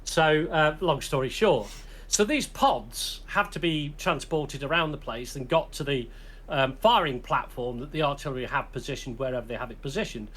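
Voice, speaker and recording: A man's voice: fairly high pitch, normal speed, fairly bright tone. A man with a British accent, hosting a podcast and telling a long, rambling army anecdote in casual chat, laughing often and restarting his sentences. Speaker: podcast host.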